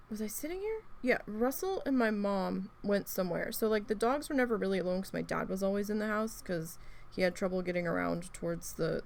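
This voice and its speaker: A woman's voice: medium pitch, gravelly. A woman chatting casually at home while needle felting, rambling through stories, swearing freely, and acting out her own reactions. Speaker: crafting video host. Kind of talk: casual chat while crafting.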